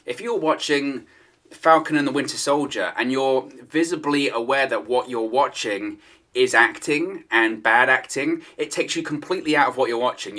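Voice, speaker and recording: A man's voice: medium pitch, sharp tone. A man giving solo opinion commentary on wrestling news, in a conversational manner and repeating his points for emphasis.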